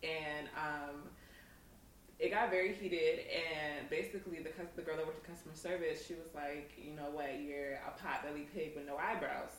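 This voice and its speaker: A young woman co-hosting a podcast, telling a work story in a relaxed way with many "um"s and "like"s. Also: low-pitched, normal speed, a little hiss or hum. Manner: relaxed, with fillers like "um" and "like". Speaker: podcast co-host. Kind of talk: casual storytelling. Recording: echoey room, mic at a distance.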